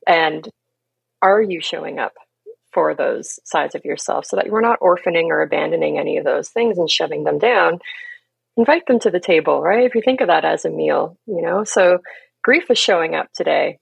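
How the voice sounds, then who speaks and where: A woman coach talking as a podcast guest, gentle and earnest, often laughing softly and dropping in "right?" and "you know". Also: low voice, normal speed, vocal fry, slightly rough, no echo, poor audio. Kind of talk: reflective conversational talk.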